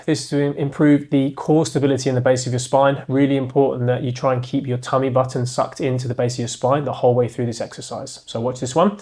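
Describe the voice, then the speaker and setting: A man's voice: medium pitch, a little mellow. A man, a chiropractor, demonstrating back exercises step by step, cueing each movement and counting down reps, his voice at times slightly strained while holding a position.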